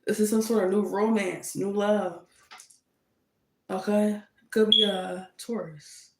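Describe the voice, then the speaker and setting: A woman's voice: medium pitch, steady tone, takes it slowly, a little hiss or hum. A woman giving a casual tarot reading, speaking emphatically and scolding with indignant rhetorical questions. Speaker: tarot reader. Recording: echoey room.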